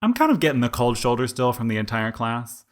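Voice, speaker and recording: A man's voice: mid-range voice, a little fast. A man in his twenties co-hosting a podcast, telling a rambling story in casual chat and saying "like" all the time. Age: 20s. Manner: rambling, animated, heavy use of "like". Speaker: podcast co-host.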